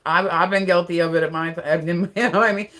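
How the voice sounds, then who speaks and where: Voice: medium pitch, fairly even intonation, brisk, fairly bright tone. Rambling, chatty livestream host. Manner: rambling, filler-heavy, laughs often. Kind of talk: casual livestream chat.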